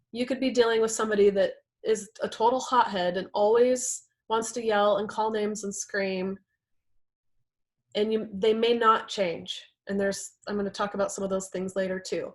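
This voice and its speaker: A woman teaching a talk on communication in relationships, earnest, often acting out quoted partners. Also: mid-range voice. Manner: earnest, acts out quoted partners in lively voices. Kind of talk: presentation talk with slides.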